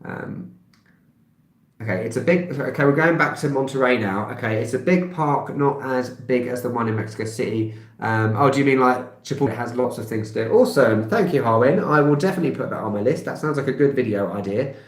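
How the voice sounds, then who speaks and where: On a live stream, a travel vlogger from England, a man in his thirties with a London accent, chats casually and answers viewers' comments. He rambles at a fairly quick clip in a medium-pitched voice, full of filler sounds and small laughs. There's a roomy echo to the recording.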